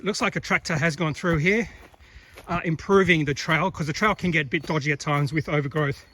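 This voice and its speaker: A hiking vlogger with a fairly high, pushed, bright voice films himself on an outdoor rainforest trail. His casual narration rambles along, chatty and full of fillers and self-corrections.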